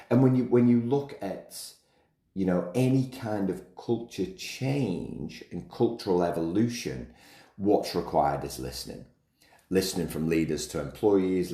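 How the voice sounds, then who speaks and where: Deep-voiced man hosting a podcast. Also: dark tone, echoey room. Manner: conversational, with many repeated words and restarts. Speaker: podcast host. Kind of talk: solo podcast monologue.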